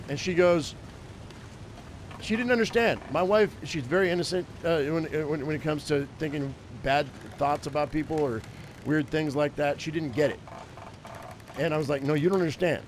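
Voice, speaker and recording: A man's voice: fairly high pitch, moderate pace, a little hiss or hum. A man in his fifties, a game streamer telling a rambling personal story in casual chat. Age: 50s. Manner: rambling, chatty anecdote-teller.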